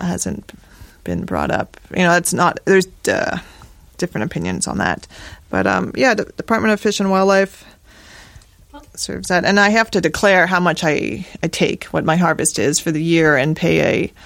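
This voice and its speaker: A woman's voice: lowish voice, gravelly, no echo. A woman who harvests seaweed and forages, chatting in a rambling way with many restarts and fillers. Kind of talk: casual conversation.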